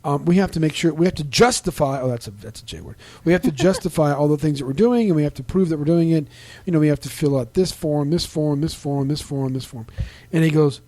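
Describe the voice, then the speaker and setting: A middle-aged man hosting a casual podcast, talking in a halting, rambling way with many restarts and fillers, livening up when he quotes other people. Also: on the high side, dark tone, dry recording. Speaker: podcast host. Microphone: desk microphone.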